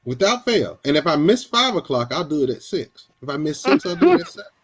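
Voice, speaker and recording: A man co-hosting a call-in talk show, making his points deliberately and repeating them for emphasis. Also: a little high, sing-song, a bit bright, breathy edge. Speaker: co-host.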